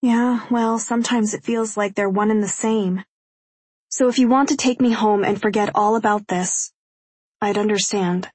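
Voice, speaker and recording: A woman with a husky, mid-pitched voice reads a romance audiobook in the first person. She keeps her reading quiet and intimate, and the sound is dry and close. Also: fairly even intonation, normal speed, no echo. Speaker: audiobook narrator.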